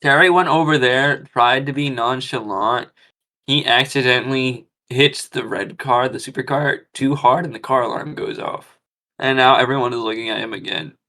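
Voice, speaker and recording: A man's voice: mid-range voice, moderate pace, pushed and bright. A man playing a tabletop role-playing game, describing his character's actions in a joking, playful way. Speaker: player.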